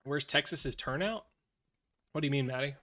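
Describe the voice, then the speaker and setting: Casting: male streamer, bright tense voice, profane casual commentary, angry then weary. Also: medium pitch, moderate pace. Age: adult, has children. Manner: profane, swings from angry rants to weary mutters. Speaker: streamer reacting to news.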